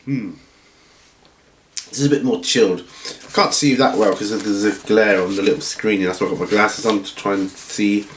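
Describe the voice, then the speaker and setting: A man hosting a hobby channel from home, chatting casually through viewer questions in a rambling, relaxed way with lots of ums and restarts. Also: on the low side, normal speed, a little hiss or hum. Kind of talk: casual Q&A chat. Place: at home, seated with feet up. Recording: roomy room echo.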